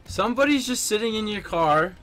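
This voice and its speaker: A man's voice: high-pitched, lively intonation, brisk, fairly bright tone, soft background music. Young guy rambling thru a story to his buddies on a call, like like like, swears a ton. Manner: rambling, heavy on filler "like", swears a lot. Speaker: storyteller in a group chat. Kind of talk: casual story chat with friends.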